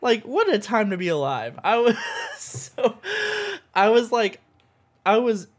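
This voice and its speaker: A man co-hosting a podcast, talking in an excitable, gushing way full of fillers. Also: high voice, takes it slowly. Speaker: podcast co-host. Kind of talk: casual chat.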